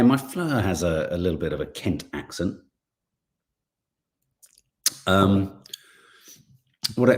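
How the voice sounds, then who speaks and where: A man's voice: medium pitch, a little mellow. A middle-aged man, co-hosting a casual live stream, chatting and reading viewer comments while thinking aloud with frequent restarts.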